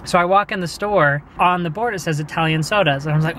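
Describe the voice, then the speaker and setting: A young man vlogging outdoors on a handheld camera, telling stories in an animated, casual way with laughs. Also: a little high, fast talker, poor audio. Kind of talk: casual vlog chat. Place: outdoors on a busy street. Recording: faint street noise outdoors.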